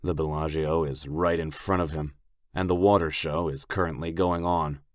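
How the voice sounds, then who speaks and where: A man narrating a romance audiobook in the first person with a steady, unhurried reading. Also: rumbling low, no echo, clean studio sound.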